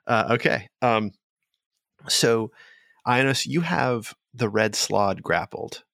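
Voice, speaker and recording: A man running a tabletop game as game master, relaxed and hesitant, with many fillers. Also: mid-range voice, takes it slowly, creaky, no room sound, clean studio sound.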